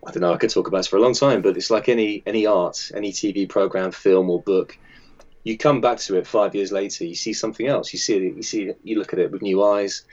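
A man's voice: lowish voice, a little mellow, dull audio. A man who edits and designs a magazine answers interview questions in a chatty, hesitant way, with many fillers and restarts.

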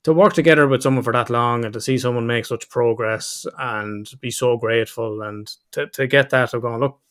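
A man's voice: medium pitch, steady tone, a little fast, a bit bright, clean tone. An Irish man in his thirties hosting a podcast, chatting casually and acting out quotes as he rambles through stories. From Ireland. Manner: rambling, with restarts and acted-out quotes. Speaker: podcast host. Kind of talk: casual chat.

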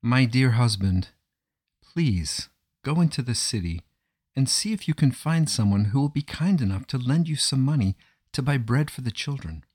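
A man's voice: medium pitch, expressive, moderate pace, darkish tone, breathy edge. Man reading a worried poor wife, urgent, coaxing, storybook. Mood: urgent plea. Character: poor devoted wife, worried but determined.

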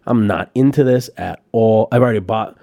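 A man's voice: lowish voice, moderate pace, creaky, dry recording, studio quality. Laughing, foul-mouthed male podcast guest. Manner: animated storyteller, swears freely, laughs between lines. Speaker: podcast guest, business founder. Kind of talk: casual storytelling podcast chat.

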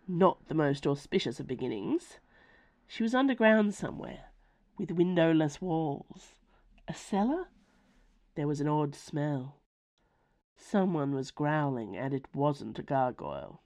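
A woman reading her own serialized novella aloud in a measured, wry storytelling manner. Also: sits low, lively intonation, darkish tone. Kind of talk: audiobook narration.

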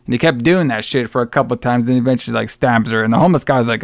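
A man's voice: medium pitch, fairly even intonation, very fast, gravelly, dry recording. A man co-hosting a podcast, rambling through a film plot with lots of swearing and mock voices for the characters. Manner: profane, rambling retelling with mocking quoted voices. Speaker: podcast co-host. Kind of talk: casual film review chat.

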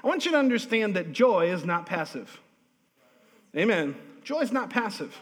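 A male pastor preaching a lively, humorous sermon in a church, drawing responses from the congregation. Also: high-pitched, normal speed. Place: church sanctuary. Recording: long hall reverb.

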